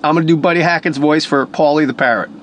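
A man's voice: fairly high pitch, fast, a bit bright, a little hiss or hum. A man telling a story in an emphatic, profane, casual way, a voice actor by trade.

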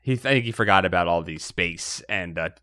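A man co-hosting a casual book discussion, retelling the plot in a relaxed, wry way. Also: deep voice, fairly quick, no echo, clean studio sound. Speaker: podcast co-host.

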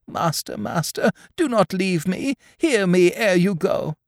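A man voicing an aging, vain nursemaid who pines for her young master, in a high, wavering falsetto. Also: expressive, unhurried, dry recording, clean studio sound. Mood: frantic. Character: aging woman, pining nursemaid, wheedling and vain.

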